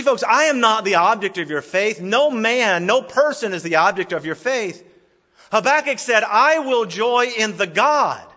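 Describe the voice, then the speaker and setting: A pastor preaching a sermon, swinging dramatically from loud declarations to hushed tones. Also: male voice, sits high. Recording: long reverb of a large hall.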